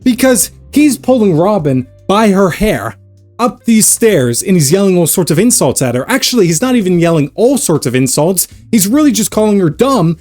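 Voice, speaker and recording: Guy ranting about cartoon villains, lively pitch all over, sarcastic, a bit high voice. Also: normal speed, soft background music. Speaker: anime reaction youtuber. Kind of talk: casual commentary vlog.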